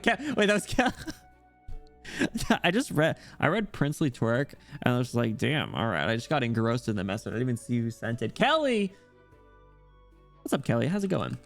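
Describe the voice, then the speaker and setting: A man chatting casually with his stream viewers, playful and quick to laugh, with soft music behind. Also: medium pitch, creaky.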